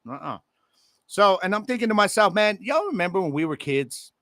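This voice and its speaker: A man in his forties hosting a sports podcast from home, talking loosely and excitedly to his listeners with plenty of slang. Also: sits high, a little fast, dry recording, clean studio sound. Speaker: podcast host. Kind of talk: casual sports podcast monologue. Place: home room with air conditioning.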